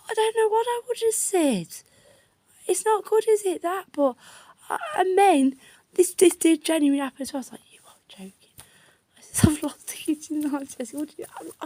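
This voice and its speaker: A woman's voice: a little high, no room sound. A woman, rambling casually through a story and often dropping to a whisper. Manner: chatty, wandering, often drops to a whisper. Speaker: vlogger.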